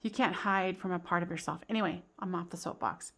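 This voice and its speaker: A woman's voice: lowish voice, fairly quick, a bit bright. A woman doing a casual tarot card reading for her channel, talking in a chatty, giggly way with lots of fillers and restarts. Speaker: tarot reader.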